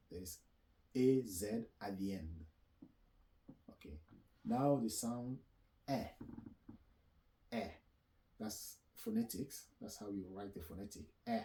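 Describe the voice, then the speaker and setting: A man teaching French pronunciation, speaking slowly and repeating sounds and letters, often correcting himself. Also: lowish voice, dark tone, rough recording. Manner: slow, repetitive, spells out letters and self-corrects. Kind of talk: slow classroom explanation.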